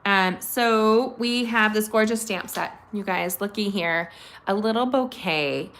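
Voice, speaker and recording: A woman's voice: medium pitch, a little slow, fairly bright tone, slight background noise. Middle-aged woman, craft host at home; bubbly and gushing, chats straight to her viewers. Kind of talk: chatty live craft tutorial.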